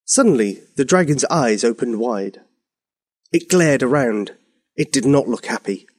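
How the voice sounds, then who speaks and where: Animated man telling a bedtime story. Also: mid-range voice, a little slow.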